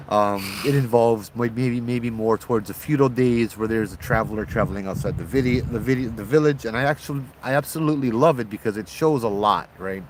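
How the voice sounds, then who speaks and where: A man's voice: fairly low pitch, a little hiss or hum. Tipsy Hawaiian man telling ghost stories outdoors. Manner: relaxed, rambling, with local slang. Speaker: host, ghost-story teller. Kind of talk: casual spoken storytelling. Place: outdoors at night.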